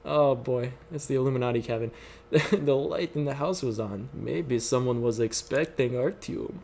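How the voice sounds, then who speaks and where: A man's voice: a little high, moderate pace, a little mellow, soft background music. A young man reading a visual novel aloud as host, with jokey, laughing asides between lines. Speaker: let's play host.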